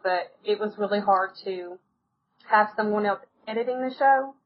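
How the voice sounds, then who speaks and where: A woman's voice: medium pitch, moderate pace, lo-fi sound. A woman from the United States, telling stories as a podcast guest in a casual, chatty way and laughing often. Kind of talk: casual interview chat.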